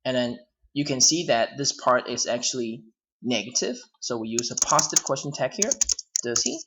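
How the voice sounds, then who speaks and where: A man's voice: medium pitch, animated, normal speed, noisy background. A man with a Hong Kong accent teaching an English grammar lesson, explaining step by step and rewording himself often.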